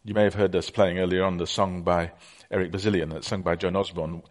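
A man's voice: deep voice, little pitch movement, a little fast, hardly any pauses. A middle-aged man preaching a conversational sermon, telling stories with many fillers.

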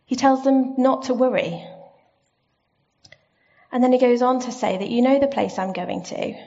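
Woman preaching in church, kinda gravelly, asks the congregation questions, recording a bit muffled. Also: on the high side, steady tone, moderate pace. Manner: gentle, reflective, asks the listeners questions. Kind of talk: sermon. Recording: slightly dull lo-fi sound.

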